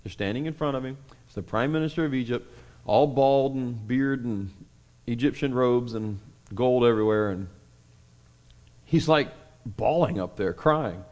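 A man preaching a conversational sermon, reading scripture and acting out the scenes with quick asides. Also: medium pitch, darkish tone. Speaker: pastor.

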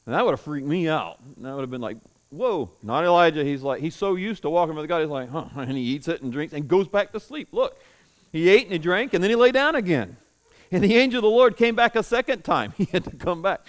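High-voiced preacher telling a story. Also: male voice, quick pace. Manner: animated storytelling, swinging between loud declaiming and hushed tones. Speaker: pastor. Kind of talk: sermon. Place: room with a live congregation.

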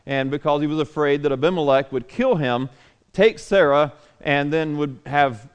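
A man leads a Bible study, reading a passage aloud and then unpacking it in a casual, conversational way. His voice sits fairly high and sounds smooth and clear, and he often poses rhetorical questions to his listeners. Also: moderate pace, muffled recording.

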